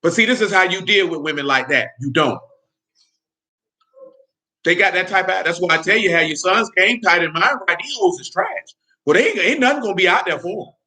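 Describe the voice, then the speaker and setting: A man with a high, bright voice holds forth on his podcast. He speaks bluntly and heatedly, swears freely and keeps checking that his listeners follow him. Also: expressive, fairly quick. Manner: blunt, heated, profane, keeps asking "you know what I'm saying". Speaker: podcast host. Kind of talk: casual spoken commentary.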